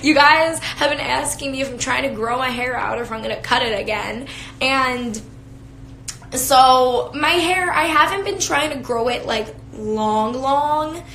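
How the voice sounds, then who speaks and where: A woman's voice: high voice, moderate pace, vocal fry, sharp tone, a little hiss or hum. A young woman chatting casually with viewers on a phone live stream, talkative and giggly, with lots of fillers. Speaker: beauty influencer. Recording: echoey room, faint ambience.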